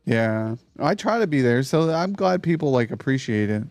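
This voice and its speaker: A man's voice: mid-range voice, big pitch swings, normal speed, darkish tone, dry recording. A man hosting a live stream, chatting casually and loosely with a guest and his chat and swearing freely. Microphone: streaming mic on a mixer.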